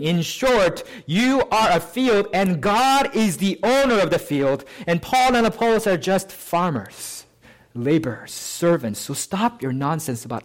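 A man preaching a sermon as pastor, in a conversational way, often asking "right?" and lifting and slowing his voice on key phrases. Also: lively intonation. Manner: conversational, often adds "right?" to check with listeners; lifts pitch and slows to stress key phrases.

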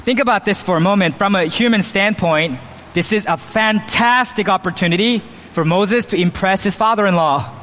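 In a church with a long reverberating hall sound, a man preaches as pastor at a moderate pace, his voice a bit bright. His delivery is emphatic, and he occasionally acts out boastful quotes with a raised pitch.

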